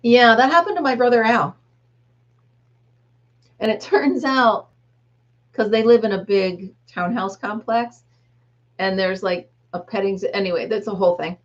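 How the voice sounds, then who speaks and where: A woman's voice: mid-range voice, unhurried, long pauses, dull audio. A woman in her fifties, a grandmother, hosting a casual live chat with viewers, rambling and laughing often. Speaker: livestream host.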